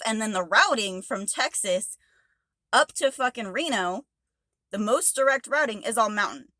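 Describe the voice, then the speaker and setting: A woman's voice: mid-range voice, sharp tone, dry recording. A woman truck driver ranting angrily to camera, swearing heavily and exasperated. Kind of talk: angry rant to camera.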